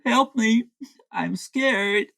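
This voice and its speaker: A rakugo storyteller voicing a timid young man who fakes terror while secretly hoarding food, in shrill panicked pleading. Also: very fast, gravelly, a bit bright. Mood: fake fear. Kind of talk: traditional comic storytelling.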